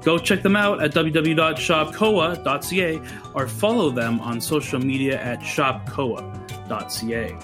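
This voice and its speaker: A man's voice: on the high side, moderate pace, over music. A man hosting a casual podcast, reading a sponsor spot in an upbeat way. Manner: upbeat, reads ad copy brightly. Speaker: podcast host. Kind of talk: casual podcast chat and ad read.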